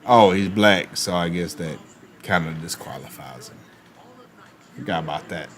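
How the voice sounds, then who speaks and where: A man streaming and chatting casually, animated, with quick asides and laughs. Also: low-pitched. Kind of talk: casual chat while opening cards.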